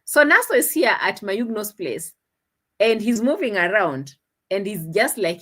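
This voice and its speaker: Animated laughing woman commentator. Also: mid-range voice, measured pace. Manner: laughs often, mocking, animated retelling. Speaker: commentary vlogger. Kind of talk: reaction commentary.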